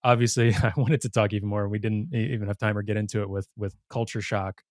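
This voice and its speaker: A man's voice: fairly low pitch, little pitch movement, darkish tone, no echo, studio quality. A man hosting a podcast, chatting casually and with enthusiasm, laughing easily. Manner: enthusiastic, giggly, quick to laugh. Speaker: podcast host. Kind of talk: casual interview chat.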